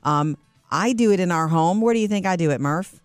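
A woman co-hosting a morning show in a relaxed, upbeat way, laughing easily between news items. Her voice sits on the low side, and the recording is dry and close. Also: a little fast, dry recording, soft background music. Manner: chatty, upbeat, laughs often. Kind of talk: casual morning show chat.

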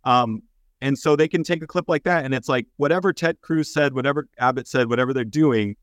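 A man from Texas co-hosting a casual political chat, explaining things in a plain-spoken, steady way with fillers. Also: medium pitch, a little fast, no room sound.

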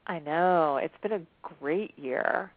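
A woman's voice: deep voice, takes it slowly, no echo. A woman guest chatting candidly on a radio talk show. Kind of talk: casual radio chat. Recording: dry tinny phone line.

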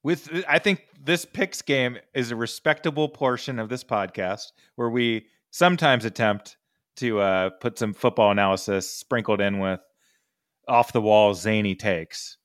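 Excitable male sports podcast co-host. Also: lowish voice, no room sound, studio quality. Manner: excitable, quick bursts, swearing. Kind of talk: casual sports chat.

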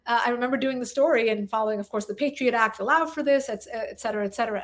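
A woman hosting an interview, brisk and affirming as she speaks. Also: a little high, a bit bright. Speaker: host. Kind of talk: interview talk.

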